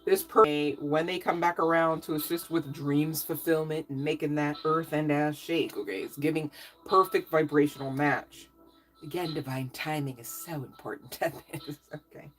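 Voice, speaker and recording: A woman with a low voice reads tarot cards in a relaxed, chatty way. She drops playful asides and keeps checking in with "okay?" as she goes. Faint music plays softly behind her. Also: normal speed, rough recording. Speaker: tarot reader. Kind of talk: casual tarot reading.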